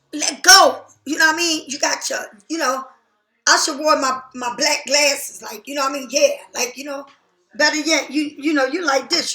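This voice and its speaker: A woman's voice: high voice, echoey room. Blunt, profane woman reading tarot. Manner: blunt, profane, animated, talks straight to the viewer. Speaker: tarot reader. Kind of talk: casual tarot reading to camera.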